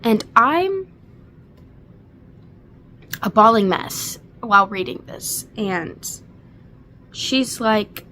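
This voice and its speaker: Casting a woman in her twenties for a casual book recap: slow, gushing, emotional. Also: on the high side, sing-song, bright, forceful tone, a little hiss or hum. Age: 20s. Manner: gushing and emotional, many fillers. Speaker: book reviewer.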